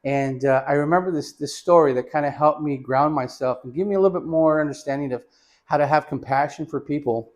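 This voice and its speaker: Brisk and somewhat high-voiced, this radiography instructor demonstrates chest X-ray positioning. He talks casually to his students as "you guys," tells stories, and loudly instructs patients.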